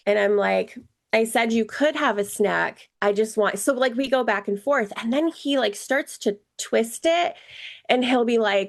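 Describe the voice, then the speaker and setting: A woman's voice: a little high, measured pace, creaky. A woman in her thirties co-hosting a parenting podcast, telling candid stories about her child and laughing often. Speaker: podcast co-host. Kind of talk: casual parenting podcast chat.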